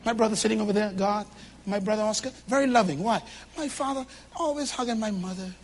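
Male preacher, high-pitched, delivering a punchy sermon with loud bursts and quiet asides. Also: quick pace. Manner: animated and emphatic, swinging between loud bursts and low asides. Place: church with a congregation.

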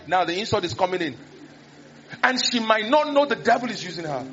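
Animated pastor preaching. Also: male voice, high-pitched, fast, slight background noise. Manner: animated, acts out scenes, exclamations. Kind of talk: sermon. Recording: dull lo-fi recording.

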